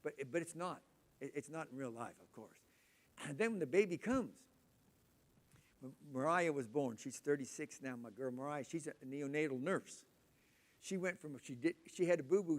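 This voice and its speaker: A man in his sixties delivers a sermon with a noticeably high voice for a man. He talks loud and animated, spinning homespun stories from family life as he preaches. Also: normal speed. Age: 60s.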